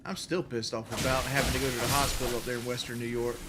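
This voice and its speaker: A man's voice: mid-range voice, little pitch movement, fast. A man chatting casually while streaming a game, rambling with lots of "like" fillers and cursing. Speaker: gaming streamer. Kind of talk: casual live-stream chat while gaming. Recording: noisy background hiss.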